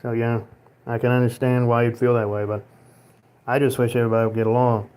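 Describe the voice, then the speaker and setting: A man's voice: mid-range voice, level tone, quick pace, a little mellow, smooth. A man hosting a livestream, reading out chat comments and giving his loose, sarcastic opinions, with frequent swearing and laughs. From United States. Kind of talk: casual rambling livestream chat.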